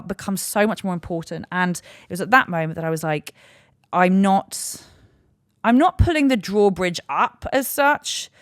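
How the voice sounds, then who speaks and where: A woman in her thirties with a British accent, hosting a candid solo podcast and telling a story with lively acted-out quotes and plenty of swearing. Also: lowish voice, dry recording, studio quality. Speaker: podcast host.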